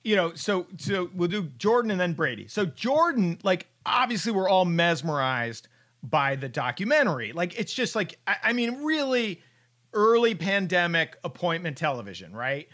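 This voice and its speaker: A man's voice: high-pitched, big pitch swings, moderate pace, a bit bright. A man hosting a casual sports chat, riffing with profane, sarcastic humor.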